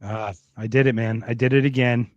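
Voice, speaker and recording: A man co-hosting a podcast in casual chat, excitable and sarcastic, swearing often. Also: mid-range voice, a little fast, no echo, muffled recording. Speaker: podcast co-host.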